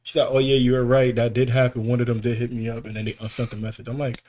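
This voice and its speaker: Animated man telling a story on a podcast. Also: medium pitch, quick pace. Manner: animated storytelling, swearing, slang, voice jumps up when worked up. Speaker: podcast co-host. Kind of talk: casual podcast chat.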